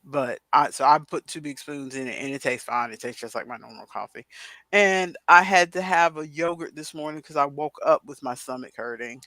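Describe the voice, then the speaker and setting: A woman's voice: low-pitched, animated, normal speed, fairly bright tone, no echo. A middle-aged woman co-hosting a podcast over a video call, rambling chattily with many asides. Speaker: podcast co-host. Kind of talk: casual chat.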